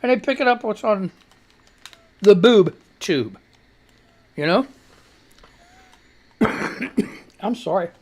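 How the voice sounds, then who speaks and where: A man's voice: high voice, lively intonation, slow, long pauses, darkish tone. A man hosting a casual live radio talk show, rambling and swearing freely, congested and wheezing with a cough. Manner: rambling, profane, laid-back.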